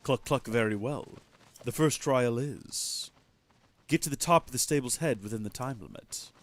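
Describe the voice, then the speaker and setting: A solemn, all-knowing chicken speaks slowly in a deep voice and old-fashioned words, put on by a man. It sounds like a game character read aloud for a stream. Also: soft background music, natural voice. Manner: slow mock-archaic oracle speech. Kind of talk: voicing game dialogue while streaming.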